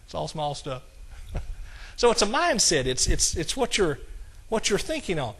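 A male preacher delivers a sermon with a slightly raised pitch. He talks in a folksy, conversational way and slows into a measured cadence whenever he quotes scripture. Now and then he chuckles at his own jokes. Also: very animated, fairly bright tone, slightly rough.

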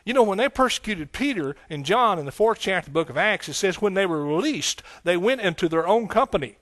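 This pastor's voice sits high, fairly bright, with lively intonation and a quick pace, and no room sound. Preaching to his congregation in the church sanctuary, he keeps a folksy, conversational feel that escalates into emphatic scripture quotes.

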